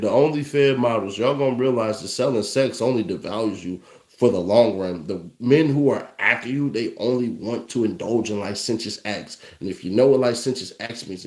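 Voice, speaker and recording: Here a young commentary host with a mid-range, slightly mellow voice rants to camera, cursing and laughing mockingly in a brash way. The recording has an echoey room sound.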